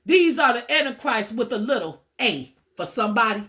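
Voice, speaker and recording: A woman's voice: on the high side, expressive, moderate pace, sharp tone. A woman giving an informal sermon-style talk, emphatic and repetitive, casually swearing and calling her listeners "y'all". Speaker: spiritual teacher.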